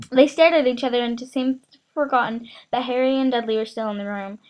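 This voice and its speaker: A woman reads a novel aloud in a halting, amateur manner. She often trips over words and starts them again. Her voice sits a little high. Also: steady tone, darkish tone, smooth, low-quality recording. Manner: halting, frequent stumbles and restarts. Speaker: reader.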